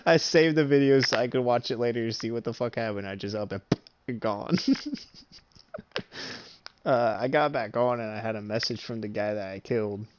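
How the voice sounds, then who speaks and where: A young man, a gaming streamer, telling a long story in casual chat, swearing freely and laughing often as he gets animated. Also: mid-range voice, moderate pace, pauses often.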